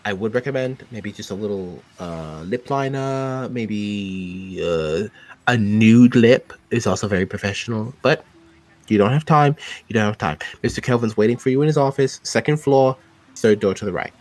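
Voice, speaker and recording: A man's voice: fairly low pitch, animated, moderate pace, a little mellow, close to an everyday voice. A man voicing a fussy, chatty woman desk clerk who gushes and bosses. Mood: bossy. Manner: gushing, bossy, doting.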